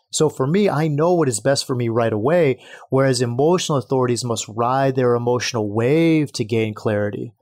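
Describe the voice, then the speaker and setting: A man's voice: medium pitch, darkish tone. Male podcast host, earnest teaching tone, lightly sermon-like. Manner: earnest, preachy, addresses listeners as brothers. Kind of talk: solo podcast teaching talk.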